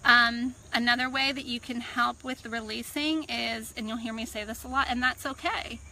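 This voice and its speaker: Woman talking self-help outdoors, bright slightly high voice, calm and reflective, birds and crickets faint behind. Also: creaky, a little hiss or hum, poor audio. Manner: calm, reflective, unhurried teaching. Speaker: personal growth coach. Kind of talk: self-help talk to camera. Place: outdoors on a farm.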